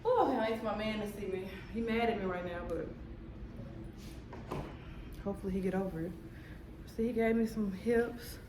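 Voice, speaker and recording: A woman telling her story in a chatty, animated home vlog, talking straight to her viewers. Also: mid-range voice, normal speed, pauses often, background noise. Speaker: vlogger. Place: home, indoors.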